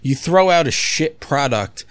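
A man's voice: a little high, animated, measured pace, smooth, no echo. A man co-hosting a podcast, ranting bluntly with lots of swearing. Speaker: podcast co-host. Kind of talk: casual podcast chat.

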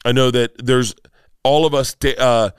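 A man in his fifties tells a story as a podcast guest, his voice rising and falling as he gets carried away. He restarts his sentences often and talks in a loose, rambling way. His voice is at a middle pitch and sounds close and dry, with no room echo. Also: normal speed, clean tone. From Florida, United States. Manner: animated, rambling, emotional storytelling with many restarts. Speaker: comedian guest.

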